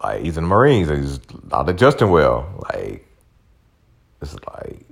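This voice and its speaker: A man's voice: extremely low pitch, wildly swooping pitch, normal speed, creaky. A man in his forties hosting a podcast, ranting bluntly with plenty of swearing. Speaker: podcast host. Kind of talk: casual profane rant.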